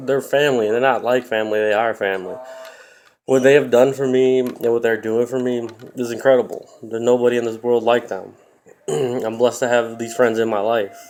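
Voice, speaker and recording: A man's voice: medium pitch, darkish tone, slight background noise. A man, defiantly listing grievances at his family and cursing. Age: 20s. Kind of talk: angry confrontational rant to family.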